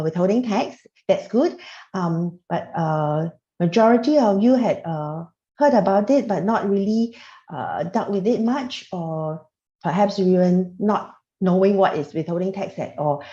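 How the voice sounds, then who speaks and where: A woman's voice: mid-range voice, warm tone. A woman giving an online tax lecture on a video call, talking hesitantly with many fillers and restarts. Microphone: computer mic on a video call. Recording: roomy, dull lo-fi video call audio.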